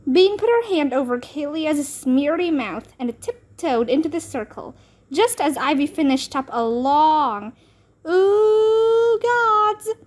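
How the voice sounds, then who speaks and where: A woman reading a children's book aloud, narrating in a slow, expressive manner. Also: high-pitched. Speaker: storybook reader.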